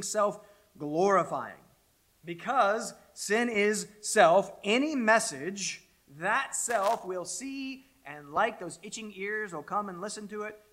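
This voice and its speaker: A middle-aged male pastor delivering a sermon in a fairly high-pitched voice. He leans hard on repeated words and lets phrase endings fall to a near-whisper. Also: fairly bright tone.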